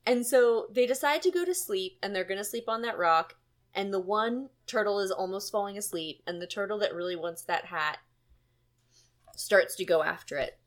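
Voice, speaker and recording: A woman hosting a podcast in casual chat, animated and chatty with plenty of fillers. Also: medium pitch, normal speed. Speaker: podcast host.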